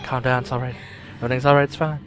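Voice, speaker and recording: A man voicing a gentle woman who calms a frightened man, soft and slow. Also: mid-range voice, faint music behind, close to an everyday voice. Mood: soothing.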